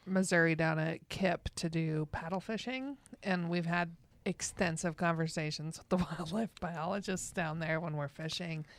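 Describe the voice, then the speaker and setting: Gravelly-voiced woman telling jokey stories. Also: lowish voice, normal speed, hardly any pauses, dry recording. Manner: chatty, joking storyteller. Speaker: podcast co-host. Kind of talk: casual chat.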